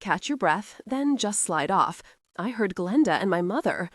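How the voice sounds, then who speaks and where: A woman's voice: medium pitch, expressive, measured pace, dry recording. A woman voicing a bold young man with a dry, teasing way of speaking, in an audiobook.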